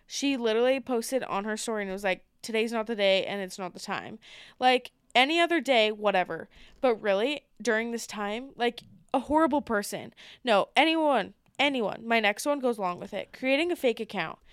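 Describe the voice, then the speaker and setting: Young female podcast co-host: crisp, high-ish voice, ranting animatedly in casual chat. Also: moderate pace, dry recording, clean studio sound. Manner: animated, heated ranting with rising outbursts.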